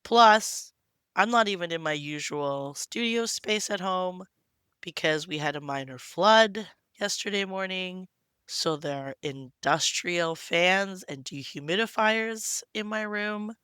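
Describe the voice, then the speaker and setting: A woman podcast co-host with a cold, talking in a deep husky voice in casual chat. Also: animated, a little slow, a bit bright, dry recording, studio quality. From Canada. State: hoarse from a cold. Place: temporary room at home with fans running.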